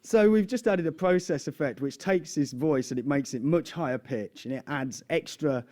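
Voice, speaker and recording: A man's voice: a little high, moderate pace, darkish tone. A man explaining sound demos to a live audience as a guest expert, chatty with fillers.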